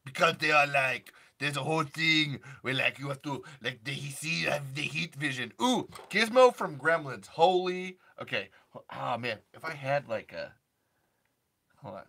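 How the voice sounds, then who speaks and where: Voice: mid-range voice, moderate pace, gravelly, bright, forceful tone. A young adult streamer chatting casually and rambling through restarts, answering chat and jumping into impressions. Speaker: livestream host.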